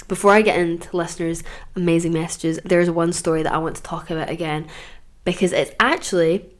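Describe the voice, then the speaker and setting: A young Scottish woman in her twenties hosting a podcast, telling stories in a casual, animated way, swearing freely and laughing as she acts out other people's lines. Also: on the low side. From Scotland. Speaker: podcast host. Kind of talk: casual storytelling monologue.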